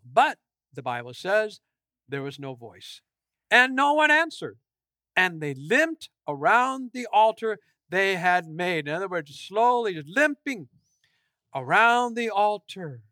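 A man preaching a sermon, telling a story with lively asides and jokes and acting out voices as he goes. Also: very high-pitched, dry recording, clean studio sound. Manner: jokey asides.

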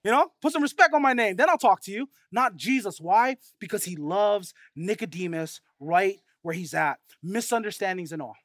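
A man in his thirties preaching a sermon as pastor, conversational and animated, telling stories with frequent asides. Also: high-pitched, moderate pace, few pauses, dry recording, studio quality.

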